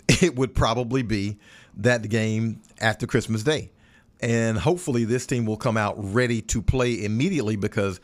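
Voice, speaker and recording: A man giving casual sports chat as a radio color analyst, folksy and animated with playful turns of phrase. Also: on the low side.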